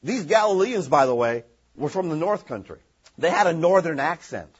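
A man's voice: a little high, very animated, normal speed, slightly rough, dull audio. A man from northern Maine preaching a sermon, emphatic and repetitive, often checking in with "okay?". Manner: emphatic, repeats points, frequent "okay?" check-ins. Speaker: pastor.

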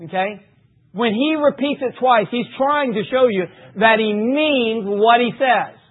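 A man preaching a sermon, reading scripture emphatically and dropping low for asides. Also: unhurried, husky. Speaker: pastor. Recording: tinny phone-like recording.

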